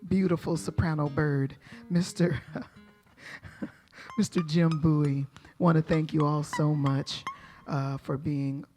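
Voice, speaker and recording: Slow-speaking woman introducing a band. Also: low voice. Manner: warm, chatty, hesitant with fillers. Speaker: music director. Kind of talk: service announcements.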